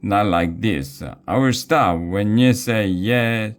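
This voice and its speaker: A sly troll student who taunts and mocks, then turns whiny when he is hurt, as a male storyteller puts him on. The voice sits a little higher than the reader's own deep, slow speech, with a teasing lilt. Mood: taunting. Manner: taunting, mocking.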